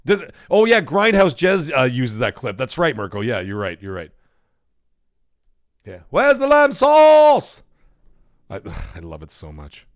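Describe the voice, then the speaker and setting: Chatty male livestream host, lively. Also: mid-range voice, moderate pace, dry recording, clean studio sound. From Italian-American background. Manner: chatty, rambling, laughing often. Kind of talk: casual livestream chat.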